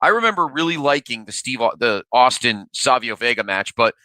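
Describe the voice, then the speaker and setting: Man, podcast co-host, bright forceful tone, hesitant, dry close sound. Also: mid-range voice, expressive, a little fast, no echo. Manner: hesitant, lots of fillers and restarts. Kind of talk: casual podcast chat.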